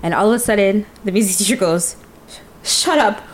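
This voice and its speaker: A woman telling a story in a casual group chat, lively and animated. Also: medium pitch, fast, slight background noise.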